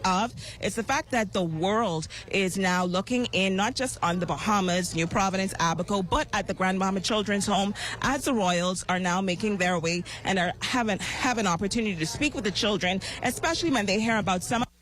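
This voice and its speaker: A woman's voice: medium pitch, fairly quick, hardly any pauses, fairly bright tone, slight background noise. A woman reporting live from outdoors at a children's home, chatty and interviewing people on the spot. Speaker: field reporter.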